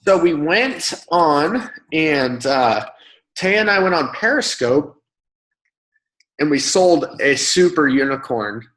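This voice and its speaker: A man speaking as a guest, telling stories in a casual, animated way and acting out other people's lines. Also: a little high. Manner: animated, acts out quoted voices. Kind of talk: casual storytelling. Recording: roomy echo.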